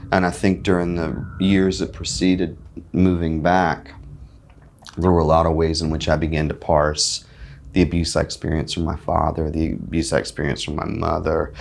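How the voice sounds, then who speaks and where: A man from North Carolina, a musician giving a backstage interview, speaking in a reflective, articulate way with frequent pauses and fillers. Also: a bass voice, creaky. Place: festival backstage.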